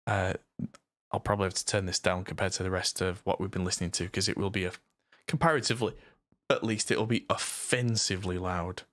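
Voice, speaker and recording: Brief: English-accented man, northern roots, low-leaning voice, rambling live-stream chat, dead dry sound. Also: steady tone, brisk, fairly bright tone, no echo. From north of England. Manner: rambling, chatty, self-deprecating. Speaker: mixing engineer and streamer.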